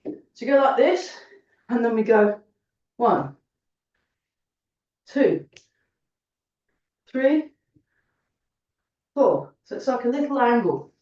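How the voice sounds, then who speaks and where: A woman's voice: on the high side, animated, takes it slowly, pauses often, a little mellow. A woman teaching a fitness class, cheerfully counting reps aloud and chatting while getting out of breath. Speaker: fitness and tai chi instructor. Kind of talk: counting through an exercise class. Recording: roomy echo, distant mic, dull sound.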